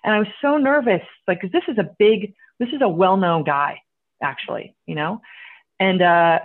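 Animated woman on a tinny line. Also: medium pitch, moderate pace. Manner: animated, acts out quotes, swears casually. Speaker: guest entrepreneur. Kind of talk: casual storytelling.

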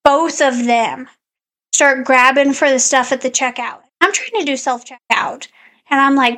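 A woman's voice: high voice, unhurried, fairly bright tone. A woman podcast co-host in casual chat, animatedly telling a story and acting out her own quotes.

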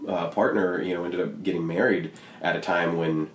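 A man's voice: low-pitched, fairly even intonation, normal speed, reverberant, a little hiss or hum. A man co-hosting a podcast in casual chat, thoughtful, with stumbling restarts. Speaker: podcast co-host.

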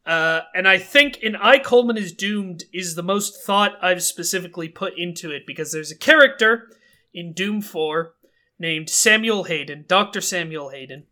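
A young man co-hosting a podcast in casual chat, talkative and quick to laugh at himself. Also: sits high, pushed and bright. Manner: chatty, self-amused, laughs often. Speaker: podcast co-host.

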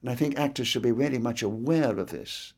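A man's voice: medium pitch, brisk, darkish tone, breathy edge. An older man with a faint Scottish inflection in educated English, speaking with precise diction and telling anecdotes in an interview. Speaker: interviewee, veteran entertainer. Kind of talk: reflective conversational interview.

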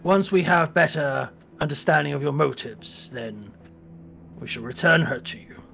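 A man's voice: on the high side, normal speed, creaky, a bit bright, faint music behind. A man voicing a stern knight who gives orders and questions a stranger formally. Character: stern male knight, cautious and commanding. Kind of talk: tabletop role-play.

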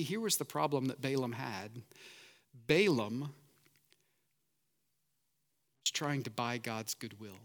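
A man's voice: on the high side, sharp tone. A man preaching a sermon as pastor, earnest and building emphasis through repetition.

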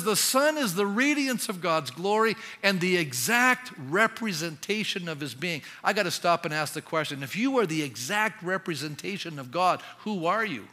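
A man preaching a sermon as pastor, emphatic and animated, often putting questions to his congregation. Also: high-pitched, long reverb tail.

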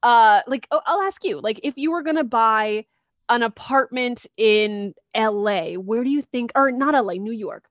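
Retelling a comic book story on a podcast, a woman with a slightly high voice keeps a moderate pace, staying animated and acting out the characters' lines in a casual way. The recording is dry, and its high frequencies are cut off.

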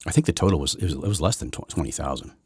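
A man hosting his own podcast from his basement, rambling through a political rant that swings from loud outbursts to low muttering, with many restarts. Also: expressive, rapid-fire, husky, dry recording, clean studio sound. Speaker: podcast host. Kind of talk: solo political commentary rant. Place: home basement.

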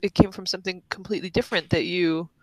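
A woman's voice: on the low side, fairly even intonation, fast talker, dry recording, poor audio. Musing woman podcaster, dry mic. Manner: musing, thinking out loud, laughs easily. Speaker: podcast co-host and player. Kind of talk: casual podcast discussion.

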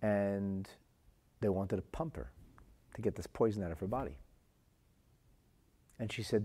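A man's voice: on the low side, unhurried, pauses often, warm tone, slightly rough. A man giving a spoken religious lesson, telling stories earnestly and often repeating his words. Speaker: Torah teacher.

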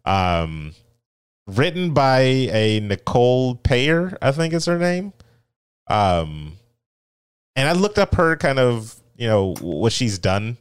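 A man's voice: medium pitch, big pitch swings, slow pace, clear, resonant tone, no room sound. A man co-hosting a podcast, chatting casually and reading out an article with a laid-back, rambling manner. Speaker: podcast co-host. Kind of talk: casual chat.

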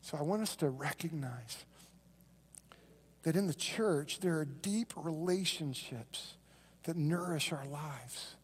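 A middle-aged man preaching in a church, his voice riding high as he acts out the people in his stories. He swings between loud, animated bursts and quiet, earnest asides. A long reverb from the hall trails behind every phrase. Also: slow, husky. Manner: animated storytelling, acting out quoted voices, then dropping to soft earnest lows. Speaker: pastor. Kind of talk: sermon. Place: church sanctuary.

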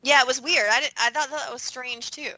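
A woman's voice: high voice, steady tone, a little fast, sharp tone, dry recording, low-quality recording. A woman co-hosting a podcast, talking through a theory in a rambling, self-correcting way. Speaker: podcast co-host. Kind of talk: casual discussion.

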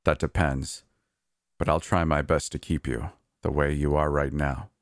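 A man's voice: a bass voice, little pitch movement, a little slow, dry recording. A man voicing a guarded middle-aged park manager who speaks dryly and bluntly. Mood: grave. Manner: dry, quiet, blunt.

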